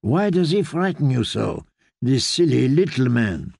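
A man reading as a soft-spoken noblewoman who soothes and coaxes, her voice slightly gravelly and set close and dry. She speaks slowly and gently. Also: medium pitch, big pitch swings, no room sound, heavily acted. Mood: coaxing. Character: soothing foreign noblewoman, seductive confidante. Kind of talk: audiobook character voice.

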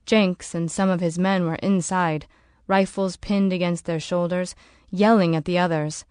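A woman narrating an audiobook in a steady, measured way. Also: fairly low pitch, clear, resonant tone, no room sound, clean studio sound.

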